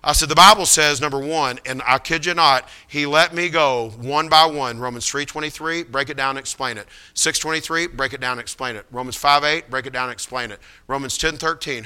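Preacher guy telling a story from the pulpit, really bright ringing voice, kinda high, talks loose and animated. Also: clear, resonant tone. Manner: animated, conversational, repeats phrases and restarts. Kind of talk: sermon storytelling.

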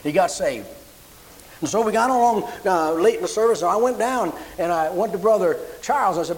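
A man's voice: high-pitched, expressive, brisk, low-quality recording. A man preaching as a pastor, telling a story in a folksy way that repeats and restarts phrases. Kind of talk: sermon storytelling.

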